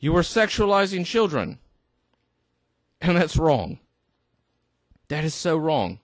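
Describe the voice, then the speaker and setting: A tipsy man in an exasperated rant, his voice sitting high and swinging widely in pitch. He talks slowly and stumbles into restarts, recorded close in a dry room. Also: very animated, no echo. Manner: indignant, exasperated, halting restarts. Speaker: vlogger. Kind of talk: ranting commentary.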